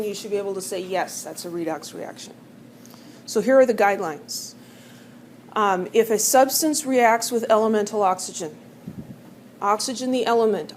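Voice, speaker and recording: A middle-aged woman gives a chemistry lecture in a chatty, joking way, dropping "um" and "right?" as she goes. Her voice sits at an ordinary middle pitch. A faint hiss of noise runs under the recording. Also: darkish tone. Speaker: chemistry teacher.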